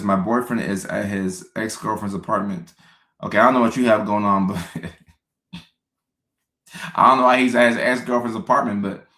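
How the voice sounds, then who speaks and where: A psychiatrist hosts a live Q&A stream, reading out viewer comments in a loose, casual manner, and he often says a line twice for emphasis. His lowish voice has vocal fry and a fairly bright tone. The sound is echoey, like a bare room.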